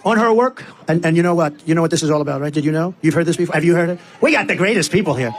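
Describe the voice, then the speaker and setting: A man's voice: fairly high pitch, animated, very fast, few pauses, slight background noise. A man giving a rambling, repetitive campaign speech at a rally, talking straight to the crowd. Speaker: political candidate at a rally. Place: rally before a live crowd.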